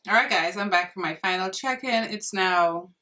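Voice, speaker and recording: A woman's voice: mid-range voice, moderate pace, pushed and bright, recorded from a distance. A young woman reviewing makeup in a casual vlog, gushing and exclaiming to her viewers as if they were friends. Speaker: beauty vlogger.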